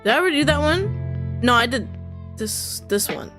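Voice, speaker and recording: A woman's voice: sits high, lively intonation, normal speed, music in the background. A woman streaming visual novels, reacting with frequent laughter and swearing and reading the game's lines aloud. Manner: laughs often, swears freely, reacts loudly. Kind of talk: casual gameplay commentary, reading dialogue aloud.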